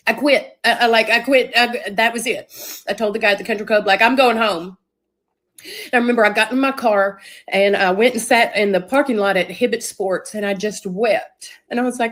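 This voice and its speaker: A woman's voice: fairly high pitch, normal speed. A woman telling a personal story earnestly, acting out what people said. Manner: earnest, tearful storytelling with acted-out quotes. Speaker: guest telling her story. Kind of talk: emotional personal testimony.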